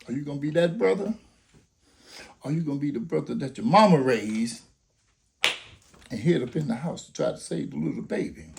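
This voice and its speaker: A man's voice: fairly high pitch, expressive, fairly quick, gravelly, pauses often, dark tone, slight background noise. An older man making an impassioned, preacher-like appeal, full of rhetorical questions and story scenarios. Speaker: grandfather urging people to vote.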